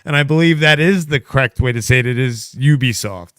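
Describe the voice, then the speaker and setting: A man's voice: medium pitch, fairly quick, a bit bright, no echo, clean studio sound. A man in his thirties hosting a casual podcast, reading chat messages aloud and telling rambling stories. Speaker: podcast host. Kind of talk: casual live-stream chat.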